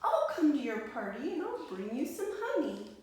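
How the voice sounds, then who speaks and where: A woman's voice: high-pitched, sing-song, moderate pace, a little mellow, slight background noise, pitched above the performer's own voice. A woman voicing a huge, hairy male bear who grins and exclaims eagerly, in a storybook read-aloud. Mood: delighted. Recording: echoey room from far off.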